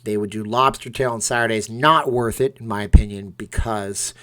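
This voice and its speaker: A man's voice: on the low side, fairly even intonation, moderate pace, a bit bright. A middle-aged man casually chatting on a live stream, reading out donor names and rambling through asides.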